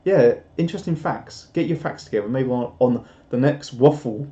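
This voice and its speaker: On a live stream with roomy, slightly dull home audio, a young man chats casually, reading out viewer comments and rambling at his own expense. He has a dark-toned, mid-range voice and speaks at a moderate pace.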